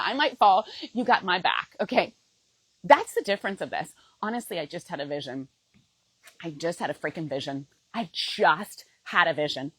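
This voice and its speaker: A woman's voice: mid-range voice, a bit bright, breathy edge, no room sound, low-quality recording. A middle-aged woman coach talking straight to her viewers in a heartfelt, emotional way, often checking in with "okay?". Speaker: fitness program coach. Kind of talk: heartfelt direct-to-camera pitch.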